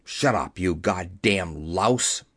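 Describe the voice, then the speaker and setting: A man's voice: a little high, sing-song, a little slow, no echo, clean studio sound. A man voicing a hot-tempered, swearing young factory inspector in an audiobook. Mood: angry. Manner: angry, swearing. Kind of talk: audiobook character voice.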